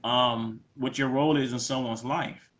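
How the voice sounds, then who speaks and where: Relaxed male co-host, bright open tone, thoughtful chat. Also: mid-range voice, normal speed. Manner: laid-back, reflective, acts out quoted lines. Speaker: podcast co-host. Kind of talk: casual conversation.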